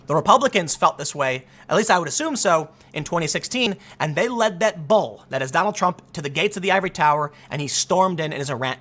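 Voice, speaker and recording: A man giving solo political commentary in an animated, sarcastic way, rambling with frequent restarts. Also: on the high side.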